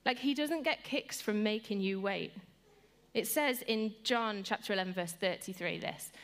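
A woman giving an earnest sermon, repeating phrases and slowing down to stress them, lively when she tells stories. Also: medium pitch. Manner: earnest and repetitive, slowing for emphasis; animated when telling stories. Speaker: speaker giving a devotional talk.

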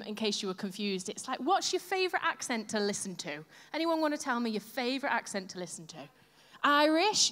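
A woman church leader giving a chatty, self-deprecating sermon from a church stage and talking with the congregation. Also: high-pitched. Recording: long hall reverb.

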